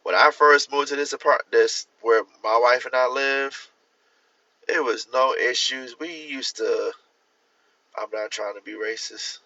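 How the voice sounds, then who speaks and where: Guy ranting on a live stream, laughs a lot, bright voice, muffled lo-fi audio. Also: mid-range voice, measured pace, far from the mic. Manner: animated, laughing, acts out quoted voices. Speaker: livestream host. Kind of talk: casual livestream rant. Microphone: phone. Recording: dull lo-fi phone audio.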